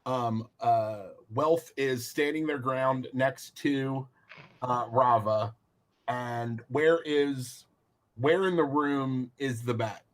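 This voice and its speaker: Halting male game master. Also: medium pitch. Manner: halting, many restarts and fillers. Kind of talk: narrating a tabletop game.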